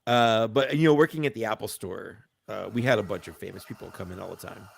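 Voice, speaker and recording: A man's voice: on the low side, quick pace, vocal fry, slightly rough. A man telling stories in a casual chat, in a laid-back way that trails off into laughs. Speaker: guest.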